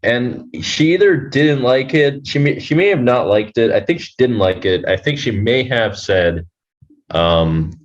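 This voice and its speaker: A man telling a personal story as a podcast guest, halting and rambling, swearing freely. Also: mid-range voice, expressive, muffled recording. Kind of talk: casual storytelling.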